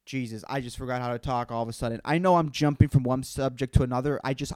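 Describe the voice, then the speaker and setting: A man's voice: medium pitch, no echo. A man hosting a solo podcast while a bit tipsy. He rambles from topic to topic, swears freely and calls everyone "dude.". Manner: profane, slangy, jumps between topics, says "dude" constantly. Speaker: podcast host. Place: in front of a green screen.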